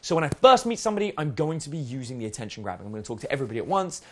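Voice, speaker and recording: A man teaching a dating seminar in a lively, casual way, swearing now and then and acting out example lines. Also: a little high, very fast, hardly any pauses. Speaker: dating coach. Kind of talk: spoken seminar lesson.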